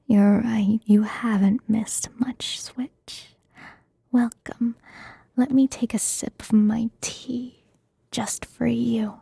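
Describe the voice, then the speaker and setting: Woman whispering asmr, super slow, breathy and a bit gravelly, giggly. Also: fairly high pitch, steady tone, warm tone, dry recording, clean studio sound. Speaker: ASMR streamer. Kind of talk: ASMR whispered script reading.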